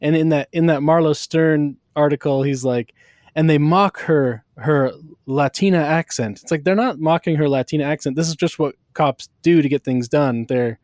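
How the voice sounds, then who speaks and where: A man hosting a casual podcast about a film, talking in a halting way with many restarts. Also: on the high side, fairly even intonation, mellow, dry recording, clean studio sound. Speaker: podcast host.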